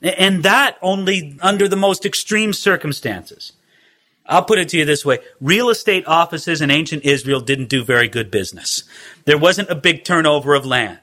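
A man's voice: on the high side, animated, moderate pace, bright, forceful tone. A man teaching a Bible study in a conversational way, with wry asides.

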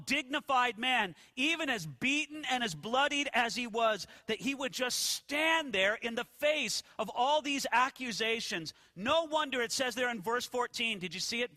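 A man preaching a sermon, telling the story with animated questions to his listeners. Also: very high voice, normal speed, few pauses, dry recording. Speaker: pastor.

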